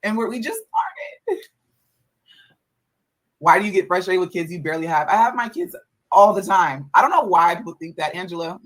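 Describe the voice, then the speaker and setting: A woman's voice: lowish voice, expressive, brisk, long pauses, low-quality recording. A mother telling a story in a casual vlog, exasperated and profane, repeating herself as she vents about her kids.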